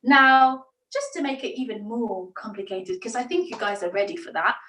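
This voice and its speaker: Lively woman in an echoey room. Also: fairly high pitch, moderate pace. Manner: lively, demonstrative, laughs often. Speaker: theatre director leading a workshop. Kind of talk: online acting workshop. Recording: echoey room, mic at a distance.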